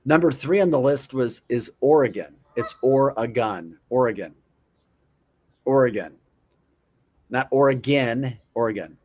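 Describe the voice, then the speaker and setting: A man's voice: medium pitch, a little slow, pauses often, a little mellow. A middle-aged man hosting a casual chat show, playful, repeating words in mock pronunciations and chuckling often. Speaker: show host.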